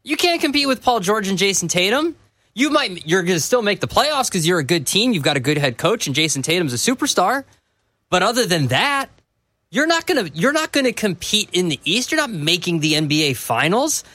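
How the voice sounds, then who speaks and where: A man's voice: high-pitched, very animated, brisk, pushed and bright, dry recording. A man co-hosting a sports talk radio show, arguing his points emphatically. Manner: emphatic, argumentative.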